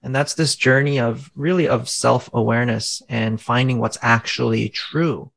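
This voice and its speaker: A man with a gravelly voice talks in an earnest, teacherly way, like a faith-minded coach. He sits at an average pitch and keeps checking in with rhetorical questions. He sounds to be in his thirties. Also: fairly even intonation, moderate pace, fairly bright tone, poor audio. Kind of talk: conversational explaining.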